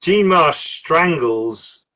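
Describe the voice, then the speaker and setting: A man's voice: fairly high pitch, lively intonation, very slow, sharp tone, rough recording. A middle-aged man, chatting casually about films as a podcast host, with lots of fillers and frequent laughs. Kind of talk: casual film chat.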